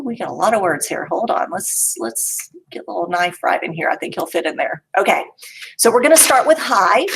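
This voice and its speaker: A woman teacher leading a young children's phonics lesson, sounding out words slowly and playfully. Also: on the high side, fairly bright tone. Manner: slow, exaggerated sounding-out with playful reveals. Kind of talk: early-grade phonics lesson.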